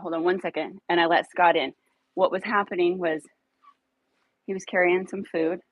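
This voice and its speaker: Husky woman, low, rambling live talk. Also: no room sound, muffled recording. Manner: rambling, calls her dogs in a high coaxing voice. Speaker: dog trainer. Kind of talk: casual live stream talk. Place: home room with a computer.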